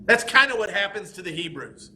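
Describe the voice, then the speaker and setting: Male teacher, high-pitched, bright and forceful tone, animated classroom Bible lesson, acts out quoted voices. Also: brisk. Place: church school classroom.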